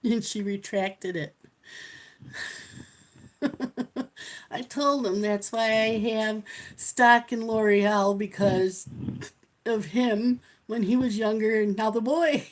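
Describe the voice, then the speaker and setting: Speaking slowly in a fairly high voice with long pauses, a middle-aged woman hosts a live coloring stream. Between strokes she chats casually, spins stories, and laughs a lot.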